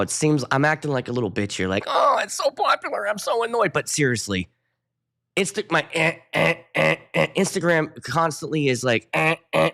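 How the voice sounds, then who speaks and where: A man's voice: on the high side, sharp tone. A middle-aged man, a wedding DJ hosting his own show, ranting casually and profanely while chatting with viewers. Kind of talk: casual ranting livestream chat.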